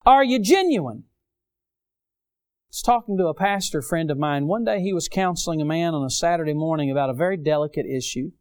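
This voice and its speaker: A man preaching a sermon, rising loud on key phrases and dropping low for stories. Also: a little fast, clear, resonant tone. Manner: impassioned, swells loud on key phrases then drops low.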